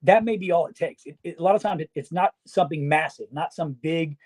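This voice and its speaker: A man's voice: fairly high pitch, fast talker, darkish tone. A man co-hosting a veterans podcast, speaking directly and coaching-style, with casual swearing and frequent "right?" tags.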